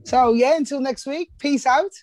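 A woman's voice: high voice, normal speed, a little mellow. Teasing, laughing woman podcast host. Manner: laughing, teasing, fillers like "um" and "you know what I mean". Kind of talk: casual chat.

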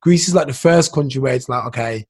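A man's voice: medium pitch, fast talker, darkish tone, slightly rough. A man co-hosting a casual talk show, insistently explaining his view and repeating himself to get a word in. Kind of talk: casual debate.

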